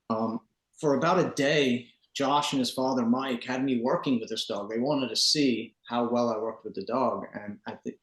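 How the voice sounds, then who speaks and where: A man, a dog trainer, telling a story as a podcast guest in an earnest, rambling way, with many restarts and "man" fillers. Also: mid-range voice. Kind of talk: casual storytelling. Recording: roomy echo.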